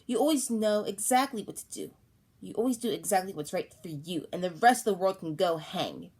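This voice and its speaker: A woman voicing a dying infant from a dream who speaks slowly and reproachfully. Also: fairly low pitch, expressive, a little mellow, husky. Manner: slow, reproachful.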